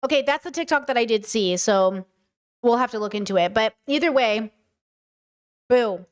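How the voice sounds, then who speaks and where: A woman's voice: fairly high pitch, normal speed. A woman hosting a podcast, reacting to clips with emphatic casual commentary and repeating words for effect.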